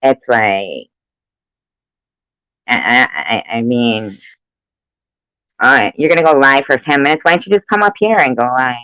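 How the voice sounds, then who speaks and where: A woman's voice: extremely low pitch, lively intonation, measured pace, pauses often, fairly bright tone, dry recording, rough recording. A woman chatting casually on a live stream, rambling and swearing freely, laughing often between remarks. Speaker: livestreamer.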